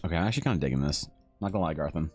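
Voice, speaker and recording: A man's voice: very deep voice, animated, racing, a little mellow, husky, faint music behind. A man chatting casually on a live art stream, telling rambling stories, swearing freely and laughing often. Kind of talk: casual chat while drawing on stream.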